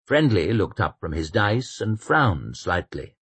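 A male audiobook narrator telling the story in a measured, expressive read. His voice is fairly low and husky, with lively rises and falls. The recording is dry and close. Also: no room sound. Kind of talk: scripted narration.

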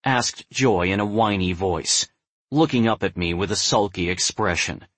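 A young adult man narrating a first-person novel in a measured, brooding way. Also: sits low, fairly bright tone, dry recording. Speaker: audiobook narrator.

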